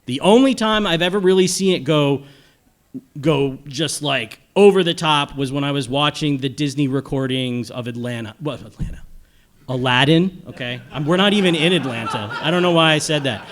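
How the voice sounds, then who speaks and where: A man's voice: fairly high pitch, normal speed, a bit bright. A middle-aged man giving a casual panel lecture on audio to a room, rambling and often checking in with "okay?" and "right?". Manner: chatty and rambling, asks "okay?" and "right?" after points. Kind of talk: live panel lecture to an audience.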